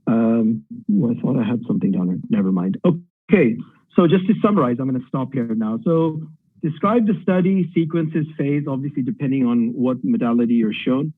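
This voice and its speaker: A man's voice: medium pitch, lively intonation, moderate pace, breathy edge, no room sound, phone-quality sound. A middle-aged man from Pakistan, a radiology tutor giving direct exam advice in an online lecture, thinking aloud with fillers.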